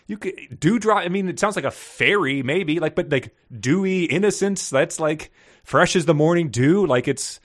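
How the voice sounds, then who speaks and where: A man co-hosting a podcast, talking about a book in a rambling, halting way with frequent restarts. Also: a little high, expressive. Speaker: podcast co-host. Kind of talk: casual chat about a book.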